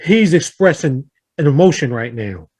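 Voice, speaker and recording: A man's voice: fairly high pitch, normal speed, breathy edge. A man hosting a round table talk, earnestly telling a family story and acting out the quotes. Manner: earnest, animated storyteller who acts out quotes. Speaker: host of a round table discussion. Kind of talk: casual storytelling in a group talk.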